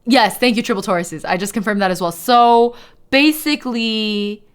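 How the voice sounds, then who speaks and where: A woman livestreamer in casual chat, reading aloud to her viewers; excitable and chatty, swearing freely. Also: a little high, moderate pace, smooth.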